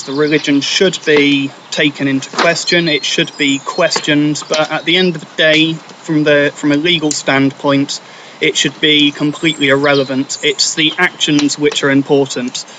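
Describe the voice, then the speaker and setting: A man's voice: a little high, fairly even intonation, moderate pace. A man casually answering viewer questions, thoughtful and hesitant with frequent ums. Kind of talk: casual Q&A chat. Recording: noisy home recording.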